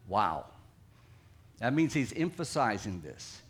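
A middle-aged man with a Southern American accent preaches, his voice sitting a little above the usual male range. He drives earnestly through his points, often dropping into soft, quiet asides before pressing in again. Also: fairly high pitch, lively intonation, measured pace. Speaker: pastor. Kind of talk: sermon.

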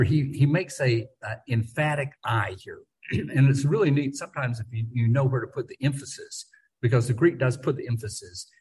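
A man with a husky, slightly rough, mid-range voice leads a relaxed Bible study. He talks loosely, stumbling and repeating words as he thinks, and leans hard on the words he wants to stress, on a rough recording.

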